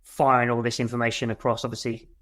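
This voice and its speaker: A man's voice: mid-range voice, flat delivery, fast. A man, a military veteran, telling a war story as a podcast guest in a blunt way, with swearing. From United Kingdom. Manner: blunt and swearing, re-enacts his shouts.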